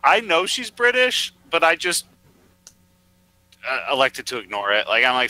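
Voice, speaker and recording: A man's voice: medium pitch, wildly swooping pitch, moderate pace, pauses often, pushed and bright, no echo, low-quality recording. A man guesting on a podcast, rambling and restarting his thoughts in casual chat. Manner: rambling, hesitant.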